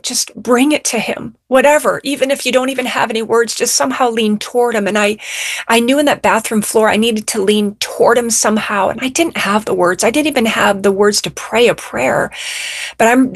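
A woman's voice: mid-range voice, dry recording. A woman guest on a faith radio talk show, earnestly recounting a personal testimony in a close studio mic. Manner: heartfelt, earnest storytelling.

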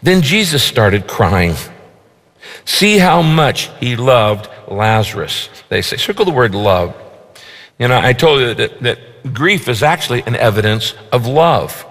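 A man preaching a sermon as pastor in a large church. He stresses points through repetition, rises for emphasis, then drops low and slow. His voice carries a long reverb from the hall. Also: big pitch swings, a bit bright.

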